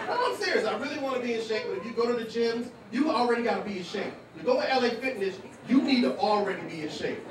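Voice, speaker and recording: A man's voice: high-pitched, very animated, quick pace, heavy background noise. A man doing a live stand-up set, laid-back and self-mocking, acting out little voices. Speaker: stand-up comedian. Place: comedy club stage. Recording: echoey club sound from a distance, loud crowd. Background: audience laughter.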